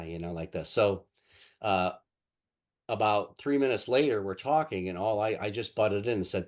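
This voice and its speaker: A man's voice: on the low side, lively intonation, brisk, a little mellow. A man teaching a casual lesson on mind techniques, telling anecdotes in a rambling way with lots of fillers and restarts. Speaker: NLP instructor.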